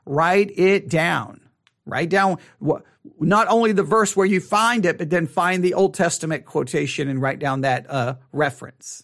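A man leads a Bible study lesson in a casual teaching voice. He speaks high for a man, and his pitch swings widely as he acts out a reader's surprised reactions. He often restarts and repeats his phrases. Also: big pitch swings, measured pace, fairly bright tone.

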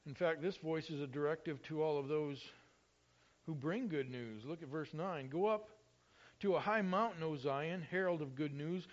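A high-pitched male pastor delivering a sermon, his voice swelling with emphasis whenever he quotes scripture. The recording is muffled and lo-fi, with a dull top end. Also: normal speed. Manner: expressive, rises loudly when quoting scripture.

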